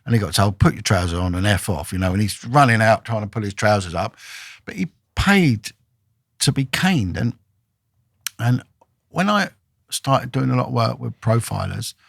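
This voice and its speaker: Brief: ex-detective man, podcast guest, blunt emphatic delivery with a gravelly edge, dry recording. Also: medium pitch, big pitch swings, normal speed, pauses often, fairly bright tone, no echo. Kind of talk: storytelling in a podcast interview.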